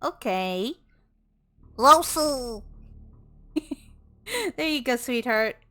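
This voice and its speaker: A woman's voice: mid-range voice, lively intonation, takes it slowly, fairly bright tone. A woman streamer chatting casually with her viewers, bubbly and giggly, laughing often.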